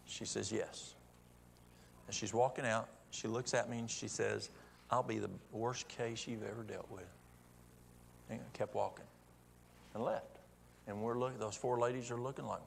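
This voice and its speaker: A man's voice: mid-range voice, vocal fry, slight background noise. A man telling a folksy testimony story from the pulpit, acting out both sides of a conversation. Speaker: church speaker. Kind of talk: sermon storytelling.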